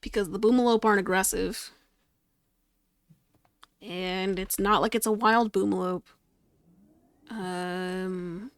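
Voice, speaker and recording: A woman's voice: mid-range voice, smooth, dry recording. A woman streaming a game, giving exasperated live commentary and swearing freely as she talks to the game.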